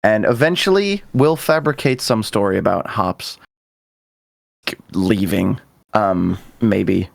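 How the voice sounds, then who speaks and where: A man's voice: fairly low pitch, slow, vocal fry, no room sound, studio quality. A man playing in a tabletop game, chatting in a playful, persuasive way. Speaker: player.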